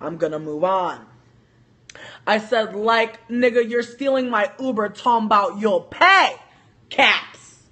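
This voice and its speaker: A woman telling a story on a casual livestream, animated, joking and profane. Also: on the high side, slow. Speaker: livestream host.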